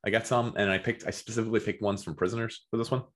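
A young man co-hosting a casual comedy podcast, joking in a deadpan way. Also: on the low side, racing. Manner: deadpan, jokey, reads fan letters in put-on voices. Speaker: podcast co-host.

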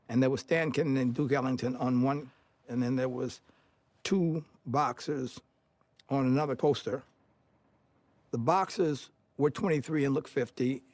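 An older man from Detroit, USA, recalling his childhood in an interview as an animated storyteller who chuckles as he talks and acts out family dialogue. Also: medium pitch, no echo.

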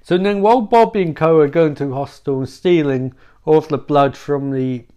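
A man telling a comic story in a rambling, profane, animated way. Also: on the high side, fairly quick, lo-fi sound. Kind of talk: comedic storytelling.

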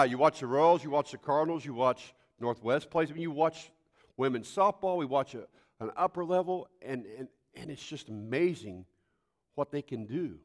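An older man preaching a sermon, folksy and animated, telling homespun stories and sometimes breaking into loud outbursts. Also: medium pitch. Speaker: pastor.

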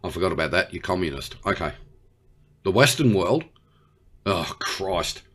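A man's voice: low voice, animated, normal speed, fairly bright tone. An Australian man doing a brash, slangy one-sided comedy conversation with an unheard partner. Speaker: comedy podcast host.

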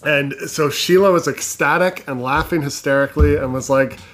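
A man hosting a casual interview, relaxed and supportive, often answering with short agreement. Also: a little high, moderate pace. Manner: relaxed, supportive, frequent yeahs. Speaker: host.

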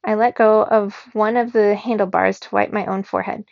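Gravelly woman reading a kids' novel aloud. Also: medium pitch, brisk, no room sound. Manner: expressive first-person reading, giving the characters voices. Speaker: reader. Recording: dull lo-fi recording in a dry room.

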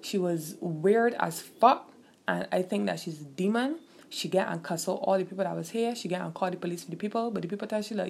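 A young woman, telling a personal story in a casual, animated and profane way. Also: lowish voice, fairly quick, creaky, breathy edge. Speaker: vlogger.

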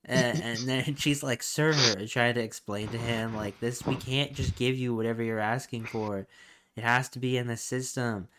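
A young man co-hosting a podcast, telling stories in a laid-back, profane way and mimicking yelling strangers. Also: mid-range voice, fairly even intonation, normal speed, background noise. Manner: laid-back storyteller, acts out yelling people. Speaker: podcast co-host. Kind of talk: casual chat.

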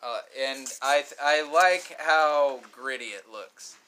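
A man's voice: fairly high pitch, takes it slowly, pushed and bright, a little hiss or hum. A man chatting casually as a podcast guest, laid-back and restarting his sentences. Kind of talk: casual chat.

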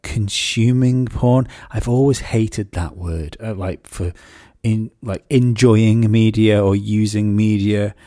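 A man, co-hosting a podcast and telling rambling, sweary stories in casual chat, often jumping into high mocking voices to quote people. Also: mellow, no room sound, studio quality. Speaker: podcast co-host.

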